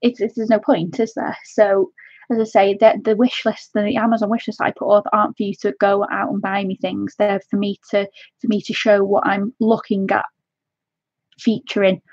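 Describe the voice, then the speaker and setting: A woman hosting a colouring live stream, talking to her viewers in an emotional, halting way with many restarts. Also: mid-range voice, little pitch movement, darkish tone, breathy edge, no echo, muffled recording. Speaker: colouring channel host.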